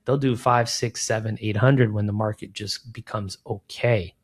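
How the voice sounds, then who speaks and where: A lowish voice at normal speed belongs to a middle-aged recruiting firm founder appearing as an interview guest. He keeps it casual and animated, acting out dialogue from his stories with plenty of "man" and "like."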